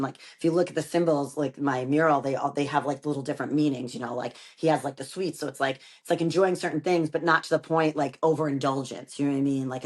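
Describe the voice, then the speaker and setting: A woman with a low, deep speaking voice talks in a relaxed conversational way. She runs a yoga studio and tells her stories with animation, slipping into the voices of the people she quotes. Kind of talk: casual conversation.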